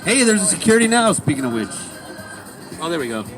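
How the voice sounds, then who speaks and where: Mock-excited high-voiced male co-host. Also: quick pace. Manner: mock-excited, joking hype. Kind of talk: livestream opening banter. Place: outdoors in a city park. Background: music.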